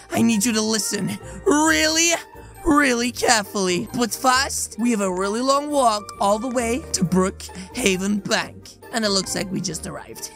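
Woman, game host, playful role-play, exclaiming, bright tone. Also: a little high. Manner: excitable, exclaiming and shrieking. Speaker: gaming video host.

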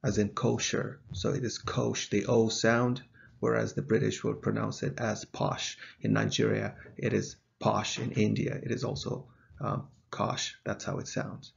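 A male math teacher explains step by step in a measured way, his low voice deeply gravelly and a little husky. He keeps an even, flat delivery, and the recording sounds dull and lo-fi. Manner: measured, explanatory, with some fillers. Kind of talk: video lesson.

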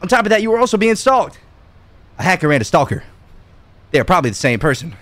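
A man reading out the lines of an earnest male police officer in a calm, level way. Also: high voice, fast talker, no room sound. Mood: reassuring.

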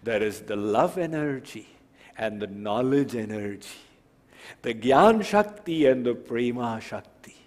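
Guy preaching slow, storyteller vibe, echoey big hall. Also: mid-range voice. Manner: storytelling, animated voice changes. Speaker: spiritual teacher. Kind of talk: devotional sermon. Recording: reverberant hall.

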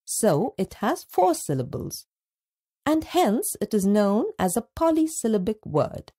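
A woman narrating a scripted school lesson, speaking slowly and deliberately and stretching words out syllable by syllable. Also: mid-range voice, very animated, warm tone, slightly rough. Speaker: teacher narrator.

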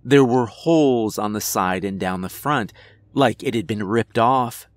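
A man narrating a first-person horror story in a measured storytelling manner. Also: on the low side, no room sound.

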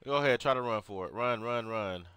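A young man, giving excited play-by-play commentary on a game he is playing and talking to his viewers. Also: medium pitch, a little fast, clear, resonant tone, no room sound. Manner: excitable, reactive, talks to viewers. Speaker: gaming YouTuber. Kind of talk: live gameplay commentary.

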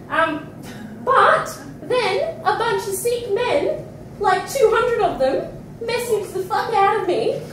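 Tired Australian woman poet, high voice, frank stage banter, echoey mic from far off. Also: noisy background. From Perth, Australia. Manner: animated, frank, swears often, laughs mid-sentence. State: tired and phlegmy. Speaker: feature poet. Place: small indoor studio venue with live audience.

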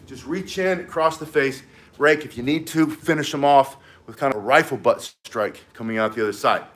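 A man's voice: medium pitch, normal speed, fairly bright tone. A man teaching cane self-defense, talking intensely while he demonstrates the moves. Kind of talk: demonstration lesson.

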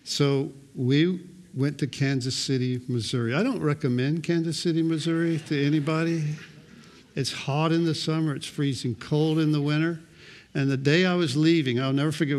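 Pastor, male, middle-aged; sermon storytelling, dry humor, voice a bit high.

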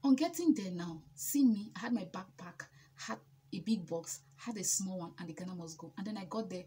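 A Nigerian woman recounting a story to her viewers in a lively, emphatic way, often repeating a line to drive it home. Her voice sits at a plain middle pitch, neither high nor low. A faint hiss runs under the recording. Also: fairly quick. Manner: emphatic, animated, repeats herself for effect. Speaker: vlogger. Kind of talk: casual storytelling.

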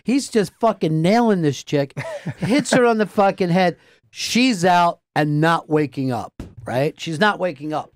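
A man telling profane stories on a radio talk show, animated and laughing as he goes. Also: high voice, a little slow. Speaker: guest, radio host. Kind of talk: casual talk-show storytelling.

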